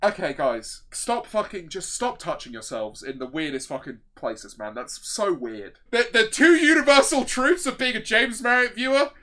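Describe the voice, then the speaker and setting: A man hosting a livestream, reading viewer confessions aloud in a loud, profane and excitable way. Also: high voice, moderate pace, few pauses. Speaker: streamer host.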